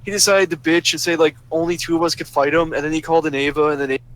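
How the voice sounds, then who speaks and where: Man, fairly high voice, casual rant, sarcastic and profane. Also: flat delivery, rapid-fire, a bit bright, poor audio. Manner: profane, sarcastic ranting that flares up angry. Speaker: storyteller ranting about a roleplay server. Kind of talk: casual ranting monologue.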